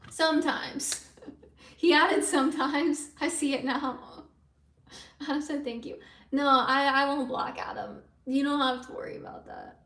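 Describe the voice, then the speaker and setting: A woman with a high voice chats casually on her livestream, rambling along as she answers viewer comments aloud. She sits back from the microphone, so her voice sounds distant in a room with a noticeable echo. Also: steady tone, unhurried, a bit bright. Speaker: live streamer. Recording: roomy sound from away from the mic.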